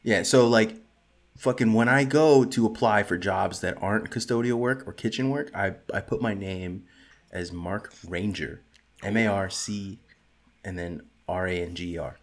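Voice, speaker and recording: A man's voice: lowish voice, moderate pace. A man in casual podcast chat, joking and swearing in a laid-back way.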